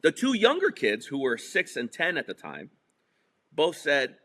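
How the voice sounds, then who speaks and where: A middle-aged man from New Jersey tells a story in a casual interview. His voice sits a little high and sounds bright, and his pitch swings widely as he punches his lines with profanity. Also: normal speed. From New Jersey / New York. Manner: animated, profane, emphatic storytelling. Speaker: podcast guest.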